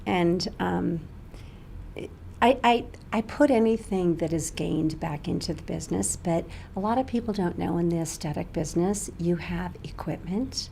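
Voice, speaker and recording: A middle-aged woman with a gravelly, fry-tinged voice speaks as an interview guest, earnest and sometimes dropping to a softer tone. There is a faint hiss of background noise behind her. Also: on the low side, normal speed. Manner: earnest, grows tearful and soft-spoken at times. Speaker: med spa owner and guest. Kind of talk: emotional interview conversation.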